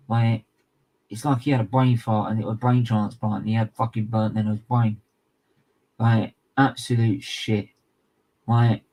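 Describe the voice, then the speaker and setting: A man's voice: mid-range voice, a little mellow, poor audio. A young man ranting furiously about football, swearing hard and hammering the same points over and over as a fan channel co-host. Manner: furious, sweary, emphatic and repetitive. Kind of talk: angry match reaction rant.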